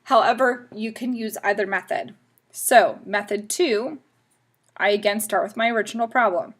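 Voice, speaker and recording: A woman's voice: medium pitch, normal speed. A woman math teacher explaining equations step by step in a patient, instructive way. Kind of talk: classroom math lesson video.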